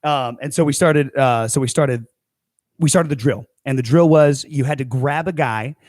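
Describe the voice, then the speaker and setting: A man's voice: medium pitch, normal speed, a little mellow, dry recording, studio quality. A young adult man co-hosting a podcast, telling a rambling story full of restarts and fillers. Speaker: podcast co-host, coach. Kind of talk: casual chat.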